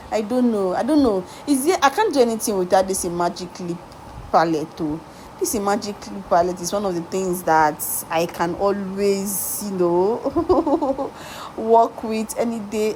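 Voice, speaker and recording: Woman makeup artist, tutorial voice-over: coaxing, repetitive, lots of "do you get?" asides, mid-pitched, faint room hum. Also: a little mellow, poor audio. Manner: emphatic, repeats words and asks viewers rhetorical questions; talks directly to viewers, coaxing and reassuring.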